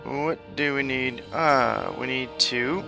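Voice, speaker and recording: A man casually commentating a strategy game, thinking aloud slowly with frequent hesitations. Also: medium pitch, vocal fry, over music. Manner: slow, hesitant, thinking aloud with many fillers. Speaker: gameplay commentator. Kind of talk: casual let's-play commentary.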